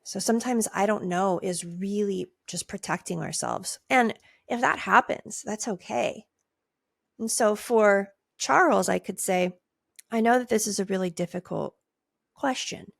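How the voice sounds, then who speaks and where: Woman podcast host, middle-aged, gravelly fry, dry close mic, casual teaching talk. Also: measured pace, dry recording. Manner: conversational, acts out client replies in a higher voice. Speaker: podcast host and nurse life coach.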